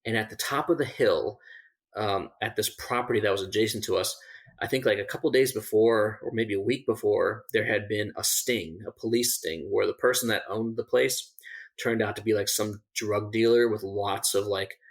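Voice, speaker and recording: A man's voice: lowish voice, moderate pace. A man, a survival instructor, casually telling a story on a podcast, with many fillers and restarts and laughing at the funny parts. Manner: laughs through funny moments.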